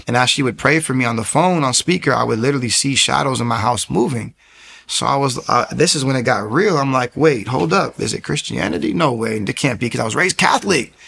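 A man telling his personal faith story in a casual, animated way, acting out the people he quotes. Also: medium pitch, vocal fry. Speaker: testimony speaker.

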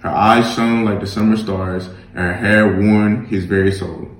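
Low-voiced man reading a children's story. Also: flat delivery, unhurried, reverberant, a little hiss or hum, low-quality recording. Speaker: reader. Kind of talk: children's story read-aloud.

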